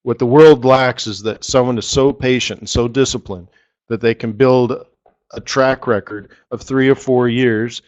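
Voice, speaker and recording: A man's voice: medium pitch, steady tone, normal speed, a little mellow, highs cut off. A middle-aged man hosting a live forex strategy session, rambling and repeating words for emphasis. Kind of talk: live trading webinar talk.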